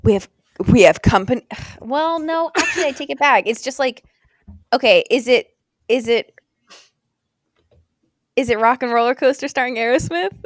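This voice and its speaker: A woman co-hosting a casual podcast chat, giggly and thinking out loud as she guesses. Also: high voice, normal speed, long pauses, dry recording, clean studio sound. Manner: giggly, animated, thinks aloud. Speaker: podcast co-host.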